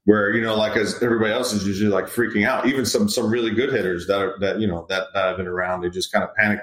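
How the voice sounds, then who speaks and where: Talking very fast with hardly any pauses, a middle-aged man with a fairly low voice rambles casually about players he's coached as a hitting coach. The interview chat is relaxed, he mimics the players he quotes, and the recording has an echoey room sound.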